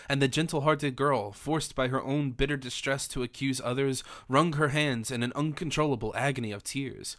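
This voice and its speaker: A man narrating a classic novel audiobook in a measured, formal way. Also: medium pitch, steady tone, a bit bright.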